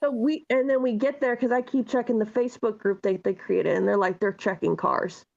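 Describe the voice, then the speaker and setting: A woman co-host telling a long story in casual chat, animated and full of swearing. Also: a little high, a little fast, creaky. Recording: dull lo-fi sound.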